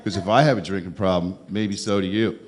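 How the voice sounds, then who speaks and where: A man's voice: deep voice, a little fast. Sarcastic New stand-up man. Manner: sarcastic, deadpan asides with crowd work. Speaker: stand-up comedian. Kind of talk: stand-up comedy set. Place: comedy club stage.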